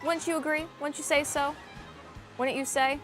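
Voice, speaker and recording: A woman co-hosting a livestream, excitable and self-mocking as she plays a racing game and chats with her viewers. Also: high voice, moderate pace, soft background music. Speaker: livestream co-host playing a kart racing game. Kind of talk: casual livestream banter.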